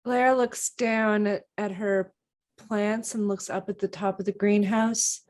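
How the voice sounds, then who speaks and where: A woman's voice: mid-range voice, steady tone, takes it slowly, darkish tone. A woman playing in a tabletop role-playing game, puzzled and thinking aloud with lots of fillers. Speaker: player.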